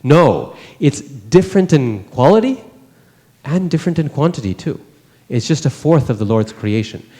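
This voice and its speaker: Mellow-voiced man lecturing in a hall. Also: fairly high pitch, sing-song, normal speed. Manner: conversational, asks the class rhetorical questions. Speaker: religious teacher. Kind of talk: scripture class lecture. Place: temple hall.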